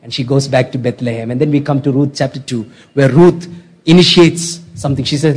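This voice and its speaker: A man's voice: medium pitch, steady tone, fairly quick, darkish tone, breathy edge. A man preaching a sermon as a pastor, exhorting and repeating his points and calling on the congregation to respond. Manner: exhorting, repetitive, calls for audience response.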